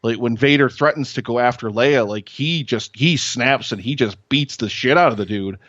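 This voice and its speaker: A man's voice: medium pitch, moderate pace, fairly bright tone, no room sound. A man talks through his thoughts with eager earnestness, dropping casual swears along the way. The sound is dry and close, with a slightly muffled, dull quality. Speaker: podcast guest. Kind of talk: casual podcast chat.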